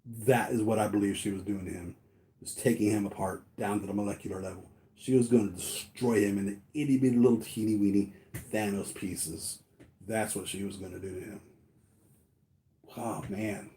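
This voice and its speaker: A man's voice: lowish voice, steady tone, normal speed, dark tone. A man talking casually to his viewers, rambling with many fillers and restarts. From United States. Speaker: toy collector vlogger.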